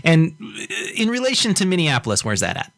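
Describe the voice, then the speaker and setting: A man's voice: on the high side, wildly swooping pitch, brisk, fairly bright tone, no room sound. A man from Idaho hosting a casual interview podcast, asking questions and giving frequent short acknowledgements. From Idaho, United States. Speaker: podcast host.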